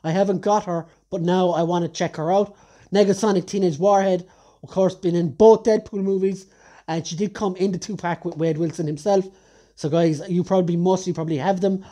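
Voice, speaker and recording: A man with a high-pitched, dark-toned voice runs through a casual top-ten of action figures. He chats enthusiastically like a true collector, repeatedly revising his words mid-sentence.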